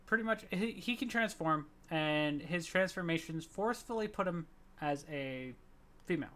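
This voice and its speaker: A man playing in a tabletop game, explaining his character hesitantly with many pauses. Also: a little high, animated, a bit bright. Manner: hesitant, full of ums. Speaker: player. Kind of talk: tabletop role-play chat.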